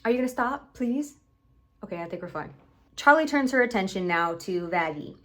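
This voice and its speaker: A woman's voice: medium pitch, expressive, normal speed. A young woman from Puerto Rico giving emphatic, casual reaction commentary at home, swearing freely into a camera on a stand. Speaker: reaction video host.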